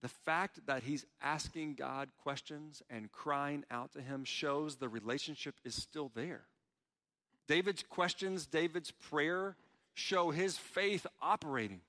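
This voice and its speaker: A man's voice: fairly high pitch, slow pace, pushed and bright, big-room sound. A man preaching a sermon, earnest in tone, voicing heartfelt pleas as he quotes prayers. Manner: earnest, pleading when quoting prayers. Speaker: pastor.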